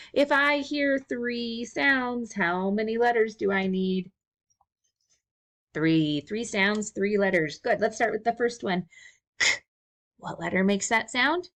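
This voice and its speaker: A young woman teaching a recorded first-grade lesson, speaking slowly and encouragingly to small children. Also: medium pitch, fairly bright tone. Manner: slow, sing-song, encouraging teacher talk.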